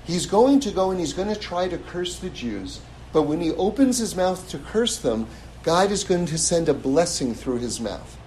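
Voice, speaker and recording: A man teaching a scripture class in a lively, casual way, chuckling and repeating words as he thinks. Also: on the high side, normal speed, a little hiss or hum, poor audio. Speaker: religious teacher.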